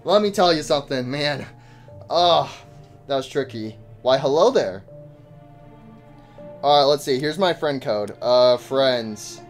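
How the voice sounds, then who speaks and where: An excitable man talks his chat through a game in casual slang, his pitch leaping all over the place. He yelps and shouts whenever something startles him, with faint music playing under his voice. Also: unhurried, pauses often. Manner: chatty, joking slang. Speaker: gaming YouTuber. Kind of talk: casual gameplay commentary to chat.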